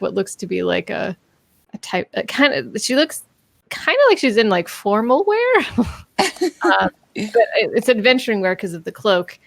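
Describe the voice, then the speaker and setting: A woman in her twenties narrating as game master, halting and searching for her words. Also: medium pitch, vocal fry, dry recording.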